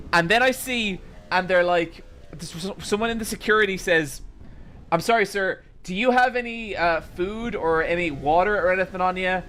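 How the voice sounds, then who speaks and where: A male streamer telling a rambling story while he plays, exasperated and swearing constantly. His voice sits high for a man and sounds bright and forceful. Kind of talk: casual storytelling while gaming.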